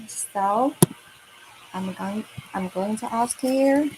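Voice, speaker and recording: Slow, patient Chinese-accented woman teacher. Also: mid-range voice, a little mellow, slight background noise, poor audio. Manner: slow and patient, repeats words, many fillers like okay and right. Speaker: Mandarin teacher. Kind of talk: slow online kids' lesson.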